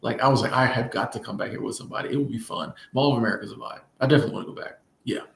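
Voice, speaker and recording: A man hosting a casual livestream, reading chat and answering viewers in a relaxed, playful way, often repeating his phrases. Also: mid-range voice, very fast, vocal fry, slight background noise. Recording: echoey room.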